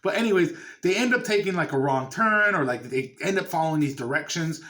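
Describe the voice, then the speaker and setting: A man's voice: a little high, lively intonation, brisk, a bit bright. A man chatting loosely about a horror film he watched, swearing casually as he recaps it. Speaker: movie reviewer. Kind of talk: casual review chat.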